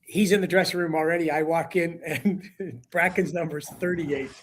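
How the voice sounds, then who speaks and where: A man, a hockey broadcaster guest, telling a story on a talk show in an animated way and acting out quotes with a rising voice. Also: fairly high pitch, moderate pace, slight background noise.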